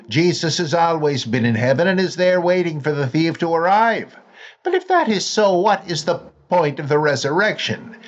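A man's voice: on the high side, muffled recording. A man reading a listener's letter aloud in an exaggerated, put-on Finnish accent. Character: listener writing in from abroad, earnest questioner.

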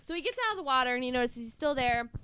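A woman's voice: high voice, expressive, racing, heavy background noise. A woman co-hosting a podcast in casual chat, playful and often laughing. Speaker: podcast co-host.

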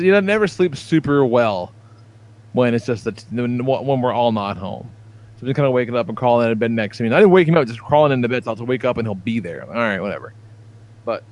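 A man in his thirties telling rambling, profane stories on a casual podcast. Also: mid-range voice. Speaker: podcast co-host.

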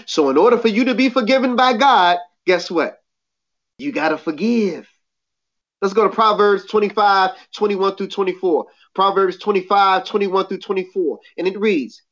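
A woman's voice: mid-range voice, expressive. Woman preaching over a dull lo-fi recording. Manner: reads scripture slowly, then explains in plain talk. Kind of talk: Bible teaching show.

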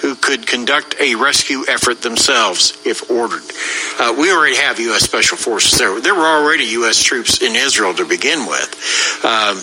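Male co-host, mid pitch, very bright forceful timbre, measured explainer, light noise. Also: rough recording. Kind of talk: conversational news commentary.

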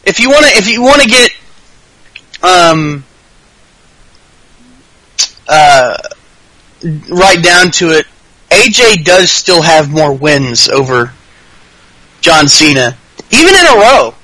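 Guy with a high voice ranting and swearing about wrestling, bright tone. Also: slow, long pauses, no echo, rough recording. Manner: profane, animated ranting. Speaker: podcast co-host. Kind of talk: casual wrestling talk.

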